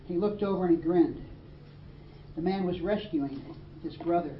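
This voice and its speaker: A woman's voice: lowish voice, normal speed, reverberant, lo-fi sound, slight background noise. A woman preaching a sermon, earnest and emphatic, reading scripture aloud. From Australia. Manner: earnest, emphatic preaching with dramatic read quotes.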